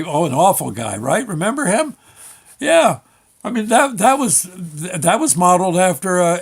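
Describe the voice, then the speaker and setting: A man in his sixties hosting a show, telling a comic story in an excitable, rambling way, often breaking off and restarting his sentences. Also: on the high side. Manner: rambling, excitable, self-interrupting. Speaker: show host.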